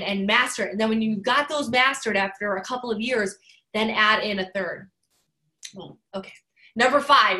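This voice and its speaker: A woman's voice: fairly high pitch, sharp tone, rough recording. A woman in her forties giving an emphatic motivational talk, driving points home by repeating key phrases. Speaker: motivational speaker.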